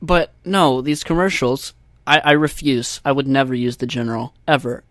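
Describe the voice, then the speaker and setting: A man's voice: medium pitch, fairly even intonation, moderate pace, fairly bright tone, no room sound, clean studio sound. A young man hosting a podcast, ranting in a comic, exasperated way and swearing freely. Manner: profane, exasperated ranting with mocking voices. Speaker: podcast host. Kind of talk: solo comedic rant.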